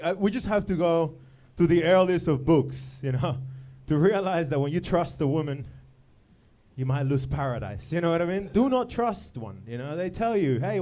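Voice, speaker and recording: A man's voice: fairly high pitch, a little mellow. A man rambling through an improvised comic debate, laughing and making crude jokes. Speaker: comedy debater.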